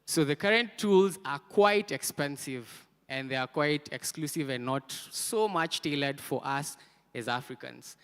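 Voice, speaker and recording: A man's voice: on the high side, a little slow, fairly bright tone, smooth. A man presenting a product at a conference, drawing the audience into call-and-response. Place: conference hall. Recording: reverberant conference hall.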